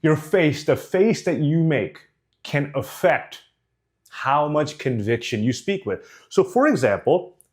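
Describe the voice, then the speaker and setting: A man's voice: fairly high pitch, takes it slowly. A man teaching how to speak with conviction, talking straight to his viewers and acting out examples. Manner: animated, demonstrates tones and faces. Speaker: communication coach. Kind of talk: direct-to-camera speaking lesson.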